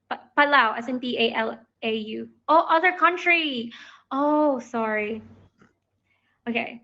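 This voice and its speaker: A woman's voice: a little high, a little slow, vocal fry, pushed and bright, dull audio. A woman with a Filipino accent hosting a casual livestream, talking emotionally to her viewers and mixing English with Tagalog. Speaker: livestream host.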